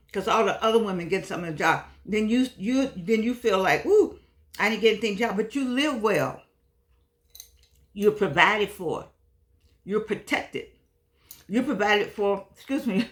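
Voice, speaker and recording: An older woman hosting her own video talk, chatting casually and repeating herself, calling viewers pet names like darlings and sugar pies, a little frustrated today. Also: mid-range voice. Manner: warm-hearted, repetitive, pet names for viewers. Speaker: vlog host.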